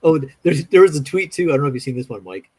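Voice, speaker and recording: A man's voice: fairly high pitch, animated, racing, darkish tone, husky, no room sound. A man in casual chat on a call, telling funny stories and acting out what others said, often laughing. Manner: laughing storyteller, acts out quotes.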